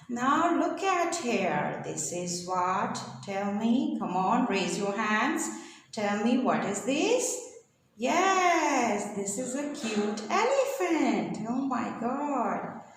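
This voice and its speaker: Lady teacher doing a kids english lesson, slow and sing-songy, slightly high voice. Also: slight background noise. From Pakistan. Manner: slow, sing-song spelling and repeating. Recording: echoey room with long reverb.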